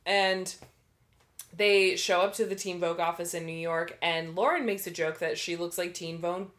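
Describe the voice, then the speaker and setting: Dry, sarcastic woman podcast host, lowish voice. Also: steady tone, normal speed, fairly bright tone. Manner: dry, blunt, sarcastic critiques. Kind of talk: casual chat recapping a TV episode.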